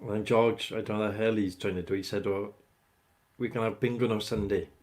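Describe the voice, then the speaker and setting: Bloke on a morning livestream, deep-ish voice, just rambling and greeting folks. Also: male voice, steady tone, a little fast, darkish tone. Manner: rambling, chatty, talks to viewers by name. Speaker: livestream host chatting with viewers. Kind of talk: casual live chat.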